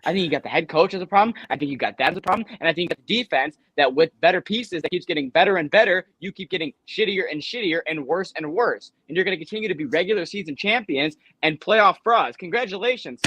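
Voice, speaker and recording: A man co-hosting a sports podcast, launching into profane, sarcastic rants. His voice is fairly high, bright and forceful, caught close and dry with no room sound. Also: expressive, fast, hardly any pauses, no room sound, low-quality recording. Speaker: podcast co-host. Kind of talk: casual sports chat.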